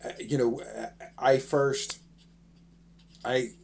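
A man's voice: medium pitch, fairly even intonation, slow, creaky, darkish tone, a little hiss or hum. A man co-hosting a casual podcast chat, rambling and self-correcting as he talks, often breaking into laughter. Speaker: podcast co-host.

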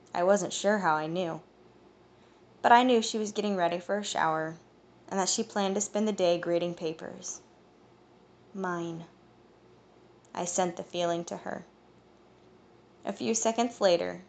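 Woman with a low gravelly voice. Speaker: audiobook narrator. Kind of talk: first-person audiobook narration.

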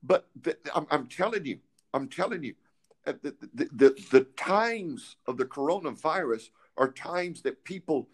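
A man's voice: on the high side, expressive. A man hosting a casual faith talk, fervent and emphatic, often repeating words as he searches for what to say. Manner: halting, with many repeated words.

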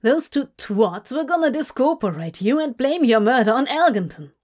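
A woman voicing a theatrical, cheeky male demon who gloats and teases in a booming, drawn-out way. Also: lively intonation, darkish tone. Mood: cheeky teasing. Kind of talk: audiobook fanfic reading.

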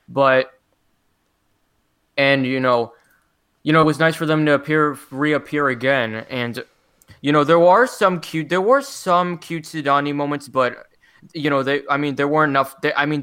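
A man's voice: mid-range voice, fairly bright tone, clean tone. A man co-hosting a podcast in casual chat, hesitant, stumbling over his words and restarting. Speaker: podcast co-host reviewing cartoon episodes.

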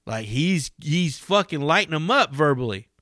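Man, podcast host, solo chat, profane, excitable, rambling, bright tone, dry close sound. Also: fairly high pitch, moderate pace, dry recording. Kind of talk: casual solo podcast monologue.

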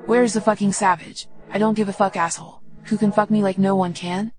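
A woman's voice: medium pitch, fairly even intonation, a little fast, slight background noise, natural voice. A woman voicing a young woman lover who talks in a mocking, provoking way.

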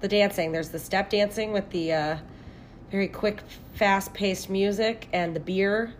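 A woman's voice: medium pitch, fairly even intonation, unhurried, slight background noise. A woman co-hosting a podcast, recounting a movie plot step by step with amused commentary. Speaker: podcast co-host. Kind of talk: casual chat recapping a movie plot.

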